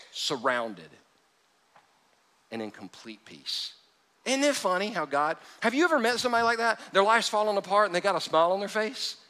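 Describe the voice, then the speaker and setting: High, bright-voiced animated preacher man. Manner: animated, swinging from hushed to loud, joking asides. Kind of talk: sermon. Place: church hall with a live audience.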